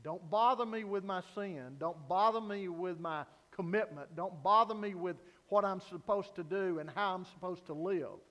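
A man preaching a sermon as pastor, earnest, swinging from loud emphasis down to quiet, low lines. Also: normal speed, hardly any pauses, lo-fi sound. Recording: long hall reverb.

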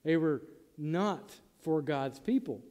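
A man's voice: a little high, animated, takes it slowly, dark tone, big-room sound. A man preaching a sermon to his congregation in a conversational way, acting out the lines he quotes. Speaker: pastor.

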